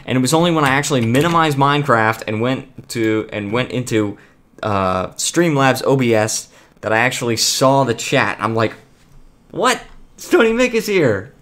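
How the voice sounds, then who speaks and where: A man's voice: medium pitch, moderate pace, fairly bright tone. A man streaming a building game, chatting casually to viewers and rambling with frequent restarts. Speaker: gaming streamer. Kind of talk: casual live-stream chat.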